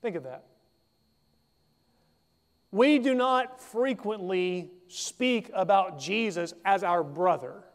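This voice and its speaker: A man preaching a sermon in a measured, emphatic way, reading scripture aloud and then explaining it. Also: high voice, animated, long reverb tail.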